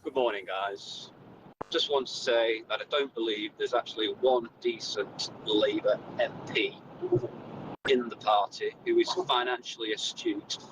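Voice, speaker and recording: A man's voice: mid-range voice, sing-song, unhurried, noisy background. A man calling into a radio show from outside, making a blunt and indignant complaint. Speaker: caller. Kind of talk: radio phone-in.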